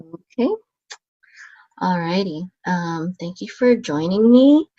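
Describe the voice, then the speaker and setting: Woman teacher, mid pitch, slow and dry, dull home-recorded sound, sings out the marks then murmurs explanations. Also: expressive, warm tone, no echo. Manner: chants the marks and words higher and slower, explains at a quick low murmur, many ums. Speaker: Hebrew teacher. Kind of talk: casual teaching, chanting trope words.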